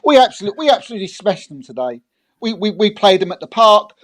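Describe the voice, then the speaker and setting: A man's voice: sits high, very animated, fast talker, a bit bright. A man appearing as a guest on a fan show, gushing and rambling, often restarting his sentences. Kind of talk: casual live show chat.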